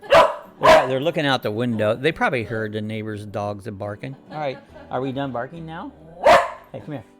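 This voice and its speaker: A man's voice: medium pitch, very animated, moderate pace, over loud music. A man hosting a casual live-stream chat from his home, rambling along and reading out viewer comments and greetings.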